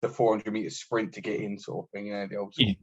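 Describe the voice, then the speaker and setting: A lower-voiced British man recounting his army days as a podcast guest, blunt and full of swearing. He slips into quoting other people as he goes. The sound is dull and lo-fi. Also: flat delivery, quick pace, breathy edge. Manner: blunt, sweary storyteller acting out quotes. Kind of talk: casual war story telling.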